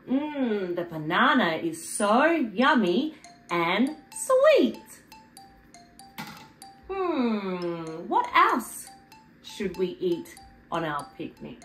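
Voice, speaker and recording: A woman presenting a video for toddlers in a slow, exaggerated, sing-song way, repeating words for little ones to copy. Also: mid-range voice, big pitch swings, fairly bright tone. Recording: echoey room with faint music underneath.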